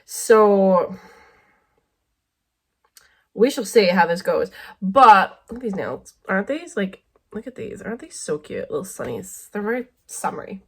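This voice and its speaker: Chatty young woman vlogging in an echoey kitchen. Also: mid-range voice. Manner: chatty, rambling, full of "like". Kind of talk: casual vlog chat. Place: home kitchen. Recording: echoey room.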